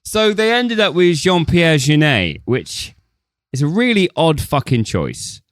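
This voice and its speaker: A man's voice: fairly high pitch, big pitch swings, measured pace, no room sound, clean studio sound. A man co-hosting a casual film podcast, laughing often and swearing freely as he acts out quoted voices. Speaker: podcast co-host.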